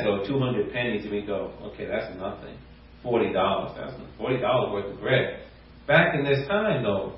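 Animated preacher in an echoey hall. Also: male voice, mid-range voice, a little hiss or hum. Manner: animated, rising to near shouts, acts out quotes. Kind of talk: sermon. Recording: echoey room, distant mic, muffled.

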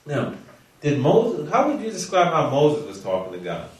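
A man leading a Bible study, reading scripture slowly and solemnly, then teaching the group conversationally with questions. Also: on the high side, wildly swooping pitch. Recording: echoey room, mic far off.

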